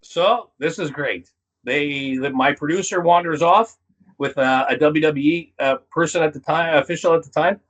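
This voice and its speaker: Man, from canada, comedian guest, animated storyteller, breathy voice, higher pitch. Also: normal speed, low-quality recording. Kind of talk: casual storytelling interview.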